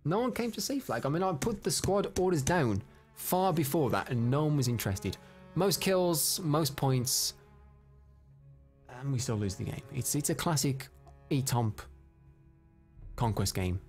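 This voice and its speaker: A man giving live commentary over his own gameplay, excitable and prone to loud frustrated outbursts, chatting with his viewers between rounds. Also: mid-range voice, a little slow, faint music behind. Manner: chats to viewers and reads out their comments. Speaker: live streamer.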